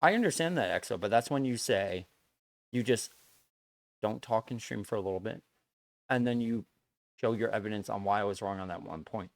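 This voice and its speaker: A man's voice: fairly low pitch, moderate pace, long pauses, no echo. A man streaming live, talking bluntly to his viewers in a lecturing way, swearing and repeating himself as he makes his point. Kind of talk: casual stream chat to viewers.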